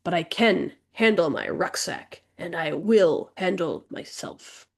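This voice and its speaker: A woman's voice: fairly low pitch, animated, slow pace, creaky, full character voice. A woman voicing a stubborn young female recruit who insists she can handle herself. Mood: defiant.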